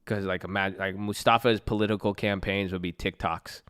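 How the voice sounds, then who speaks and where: A low, clear, resonant male voice, a bit bright, moves at a moderate pace with a steady tone. It belongs to a young live streamer from Southern California, chatting indoors at his computer and reading viewer messages in a slangy, profane, joking style.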